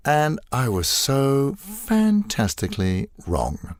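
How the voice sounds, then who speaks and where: An older man, a voice actor guest telling animated stories in a casual interview and acting out quoted lines. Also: mid-range voice, takes it slowly, no echo, clean studio sound. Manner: animated storyteller, acts out quoted lines, laughs often.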